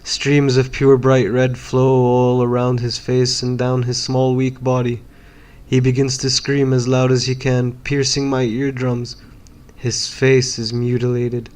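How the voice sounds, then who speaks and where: A man from Palestine whose first language is Arabic, reading a first-person horror story as a measured, dramatic inner monologue. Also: medium pitch, monotone, darkish tone.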